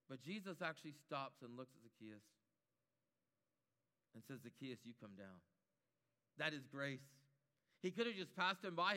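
A man's voice: a little high, pushed and bright, in a large hall. A man preaching a sermon, building his points through emphatic repetition.

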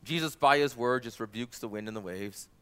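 Male pastor, sermon delivery, bright tense tone, animated. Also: mid-range voice, brisk, clean tone. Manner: animated, rises loud for quoted cries.

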